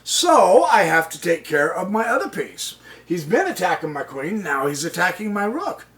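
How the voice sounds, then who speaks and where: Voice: medium pitch, fairly bright tone, recorded from a distance. A chess channel host giving casual commentary on their own game, chuckling often and exclaiming with delight at the opponent's moves.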